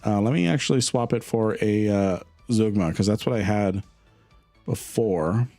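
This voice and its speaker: A man streaming a game, answering chat in a relaxed, rambling way with frequent laughter. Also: on the low side, measured pace, soft background music. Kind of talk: casual live-stream chat.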